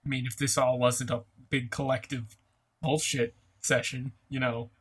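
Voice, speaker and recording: A man's voice: medium pitch, flat delivery, normal speed, slightly rough. A man playing a tabletop role-playing game, asking skeptical questions in casual chat.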